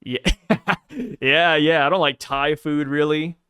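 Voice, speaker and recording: A man's voice: on the high side, fairly even intonation, takes it slowly, bright, forceful tone, smooth, no room sound. A man hosting a casual podcast discussion, laid-back and jokey, poking fun at himself. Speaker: anime podcast host. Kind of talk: casual chat.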